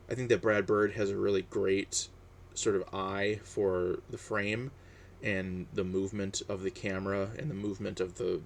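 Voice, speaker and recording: A man's voice: fairly low pitch, slight background noise. A man chatting casually on his own, hesitant and full of fillers and restarts. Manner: relaxed, chatty. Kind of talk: casual personal monologue.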